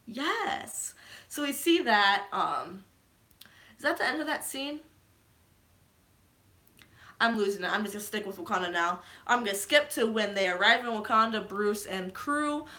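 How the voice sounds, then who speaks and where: A woman chats through a movie recap in a bright, forceful voice, her tone crisp and energetic. She rambles loosely, gushing, and fills her talk with frequent ums. The delivery sits at an ordinary middle pitch. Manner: rambling, filler-heavy, gushing. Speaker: vlogger. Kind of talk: casual movie recap chat.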